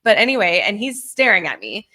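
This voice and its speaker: A woman in her thirties telling a story on a podcast, animated, acting out quotes and laughing often. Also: medium pitch, brisk. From Southern California. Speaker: podcast co-host. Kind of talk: casual storytelling chat.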